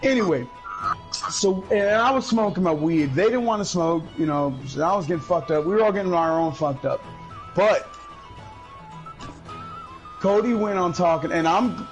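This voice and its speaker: A male gaming streamer telling a story in casual chat, loud and profane, bursting into laughter, and high while he talks. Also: animated, moderate pace, faint music behind, low-quality recording. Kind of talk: casual storytelling over gameplay.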